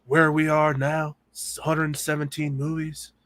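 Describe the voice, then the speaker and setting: A man doing an impression of an intense middle-aged male movie star, reading a statement slowly and earnestly. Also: fairly high pitch, little pitch movement, crowd noise, voice pushed up, close to an everyday voice. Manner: slow, dramatic, earnest delivery building to a shout. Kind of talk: impression of a famous actor.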